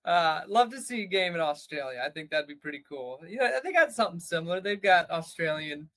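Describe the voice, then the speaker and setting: Laughing man with a higher voice. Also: animated, brisk, fairly bright tone, dry recording. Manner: laughing, playful, rambling. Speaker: podcast co-host. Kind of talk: casual podcast chat.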